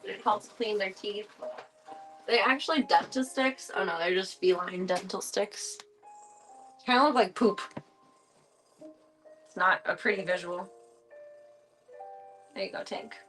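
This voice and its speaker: Woman, live streamer, casual home chat, coos baby talk at her pets, wry asides, mid-pitched voice. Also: measured pace, pauses often, fairly bright tone, soft background music. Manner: chatty and wry.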